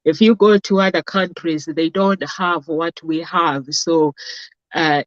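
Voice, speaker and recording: A woman's voice: low voice, fairly even intonation, measured pace, no echo. Rambling woman on a dull, dry line. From Africa. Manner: rambling, storytelling, frequent "basically" and "uh". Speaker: talk show host. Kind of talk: casual chat.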